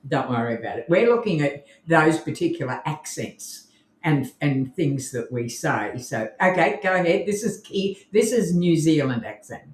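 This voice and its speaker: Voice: medium pitch, very animated, normal speed. An Australian co-host of a casual live podcast, talking in a rambling, laid-back way and admitting to being half asleep. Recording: roomy echoey sound.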